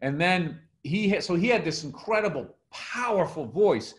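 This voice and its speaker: A man's voice: high voice, moderate pace. A middle-aged man co-hosting a casual podcast, telling comedy stories with lots of swearing and acting out quotes. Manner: animated storytelling, swearing, acts out quotes.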